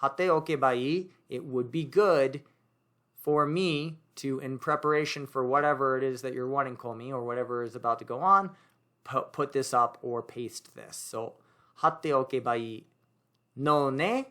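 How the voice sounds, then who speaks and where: A man's voice: mid-range voice, moderate pace, sharp tone. A man teaching grammar, thinking aloud as he writes and explains, with easy fillers and self-corrections. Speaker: language teacher. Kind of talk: explaining grammar while writing on a board.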